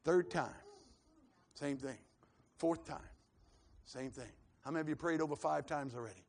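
A man's voice: a little high, moderate pace. A man preaching a live sermon, calling for responses from the congregation, with a scratchy throat. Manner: builds to fervent shouting, calls for responses.

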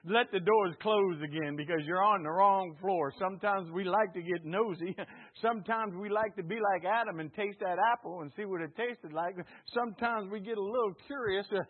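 A man preaching a sermon with call-and-response, jokes and an earnest, hushed prayer. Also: high voice. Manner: call-and-response, jokey and lively. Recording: tinny phone-like lo-fi sound.

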